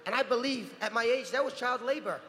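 A man in his thirties, a guest actor at a convention panel, telling lively anecdotes and acting out the people he quotes. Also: very high voice, brisk. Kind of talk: Q&A storytelling. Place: large convention hall. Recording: echoey hall with long reverb, faint noise.

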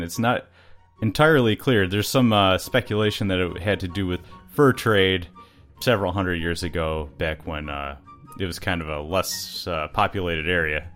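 A man's voice: sits low, a bit bright. A man from Canada co-hosting a podcast in casual chat, rambling with many uhs and small laughs. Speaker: podcast co-host.

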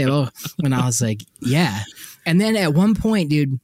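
A young man co-hosting a podcast, telling stories in a casual, animated way with lots of laughter. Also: measured pace, dry recording, clean studio sound. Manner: animated, laughing, frequent likes and jumpy pitch. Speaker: podcast co-host. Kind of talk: casual storytelling chat.

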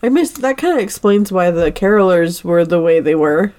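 A woman co-hosting a podcast who chimes in with quick, reactive remarks during a movie recap. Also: fairly low pitch, big pitch swings, darkish tone. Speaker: podcast co-host. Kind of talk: casual banter.

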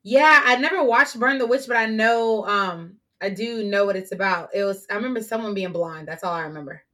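A woman's voice: mid-range voice, brisk, sharp tone. A woman co-hosting a podcast, chatting casually and playfully about anime, laughing often. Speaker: podcast co-host.

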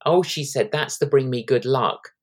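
A man in his sixties, an evangelist, telling lively anecdotes as a guest in an interview, acting out the quotes. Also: mid-range voice, normal speed. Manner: animated anecdotes with acted-out quotes.

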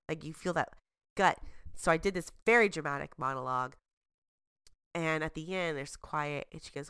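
Lively woman podcast host, low and dry. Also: creaky, clean tone, dry recording. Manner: lively storyteller, quick bursts. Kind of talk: casual chat.

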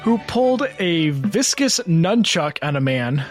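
A man's voice: a little high, big pitch swings, measured pace, faint music behind. Giggly man reading a ridiculous plot. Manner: reads with rising giggles, breaks into laughter. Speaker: host reading a silly plot summary. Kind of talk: comedic reading with laughter.

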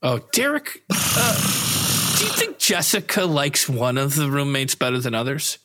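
A man's voice: on the high side, big pitch swings, normal speed, noisy background. A man playing an earnest, flustered young man who wants to marry his cat, in an improv comedy scene, stammering as he explains himself. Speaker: improv performer.

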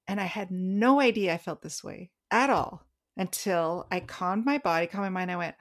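A woman co-hosting a podcast in casual chat, telling stories animatedly and slowing down to stress key words. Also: lowish voice. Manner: animated storytelling, slows down for emphasis. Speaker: podcast co-host.

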